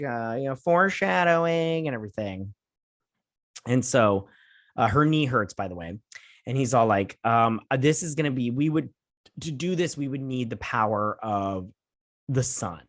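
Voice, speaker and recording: Rambling male host, casual recap, many fillers, mid pitch, dry close sound. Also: dry recording. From United States.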